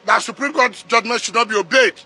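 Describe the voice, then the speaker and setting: A man's voice: extremely high pitch, fast, pushed and bright, husky. A middle-aged man with a Nigerian accent, a politician answering in a heated interview with rhetorical questions and repeated words.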